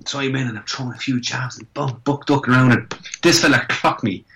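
Middle-aged Irish man, quick, loose storyteller with plenty of restarts and swearing; guest in casual talk. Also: medium pitch, noisy background. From Ireland. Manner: rambling anecdotes with repeated restarts and swearing.

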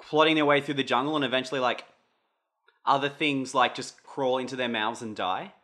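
A man co-hosting a casual podcast, arguing his side in a dry, quick way. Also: mid-range voice, steady tone, pushed and bright. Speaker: podcast co-host and editor. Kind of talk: casual chat.

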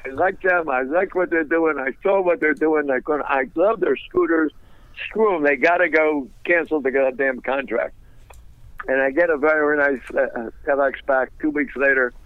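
An older man, a guest on a radio interview, telling anecdotes in a lively way and laughing through his stories. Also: fairly high pitch, normal speed, no echo. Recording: dull, dry lo-fi sound.

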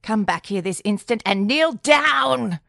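A woman voicing a harsh, pious aunt who scolds a boy in a shrill voice. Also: lively intonation, a little slow, vocal fry, fairly bright tone, no room sound, clean studio sound, heavily acted. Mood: scolding.

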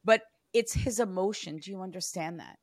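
A woman's voice: mid-range voice, moderate pace, dry recording. Earnest woman medium, dry close sound. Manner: earnest, relays messages in soft hushed passages. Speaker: psychic medium. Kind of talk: spirit reading session.

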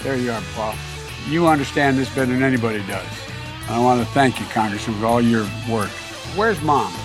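A man's voice: medium pitch, a little fast, over music. A man speaking at a public event, thanking officials with casual asides. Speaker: politician giving a speech. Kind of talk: formal public speech.

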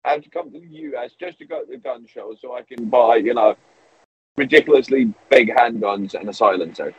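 A man's voice: medium pitch, a little fast, husky, no room sound. A man in casual podcast chat, hesitant and wry, full of fillers. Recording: dull, dry lo-fi mic.

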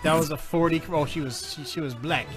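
A man's voice: fairly high pitch, brisk, music in the background. A man in his forties with a New Jersey accent, co-hosting a podcast in crude, rambling banter full of restarts. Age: 40s. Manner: loud, profane, rambling with restarts. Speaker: podcast co-host.

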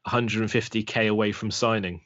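Guy on a football podcast, lowish voice, keeps restarting his sentences, muffled lo-fi sound. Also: steady tone, a little fast, a bit bright. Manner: hesitant, restarts sentences, lots of fillers. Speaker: podcast co-host. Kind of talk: casual football chat. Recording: dull lo-fi sound.

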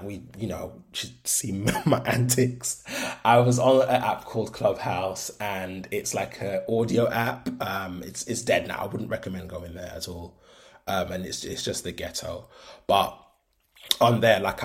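A young man with a Birmingham accent that drifts toward London, hosting a casual solo podcast in a frank, chatty way full of ums and likes. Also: low voice. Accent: Birmingham (Brummie), shifting toward London. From Birmingham, England. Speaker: podcast host.

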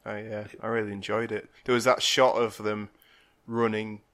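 Hesitant, low-voiced man chatting about films. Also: flat delivery, moderate pace, fairly bright tone. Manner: hesitant, with many ums and trailing phrases. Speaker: podcast co-host. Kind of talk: casual film discussion.

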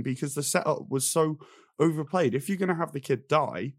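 A young man running through his notes in an exasperated, animated rant. His quoted character voices are mocking. The sound is dry and close. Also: a little high, brisk, no echo. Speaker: film review podcast co-host. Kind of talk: casual chat.

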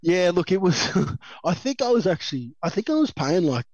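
A man's voice: high-pitched, big pitch swings, normal speed, darkish tone, no echo. Rambling Australian man, dry dull recording. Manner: rambling, laughs a lot, many fillers and restarts. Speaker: guest, former rugby league player. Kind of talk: casual storytelling chat.

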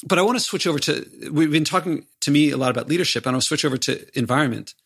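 A man's voice: on the high side, rapid-fire, gravelly, fairly bright tone, breathy edge. A man hosting a podcast interview, enthusiastic and a little self-deprecating as he jumps in with questions. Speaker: podcast host. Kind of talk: casual interview talk.

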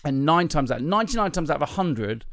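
A man who works as a comedian, chatting casually on a podcast and acting out jokes with lively, sing-song voices. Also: a little high, fast talker, dry recording, clean studio sound. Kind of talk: casual chat and joke telling.

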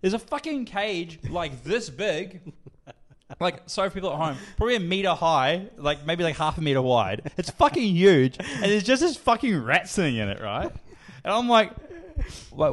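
Fast, animated man telling a story. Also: on the high side. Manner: animated, crude, heavy swearing, laughing through the story. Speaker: podcast co-host. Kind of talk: casual storytelling chat.

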